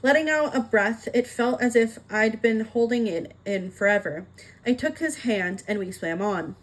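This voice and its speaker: A woman reading a children's novel aloud, narrating in a steady, expressive way. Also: on the high side, moderate pace, low-quality recording. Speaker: reader. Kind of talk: audiobook narration.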